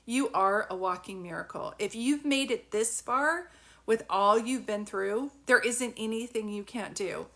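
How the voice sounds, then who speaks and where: A woman's voice: medium pitch, a little slow, a bit bright. A middle-aged woman giving a live-stream psychic reading, talking in a chatty, encouraging way with many fillers and restarts. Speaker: psychic medium.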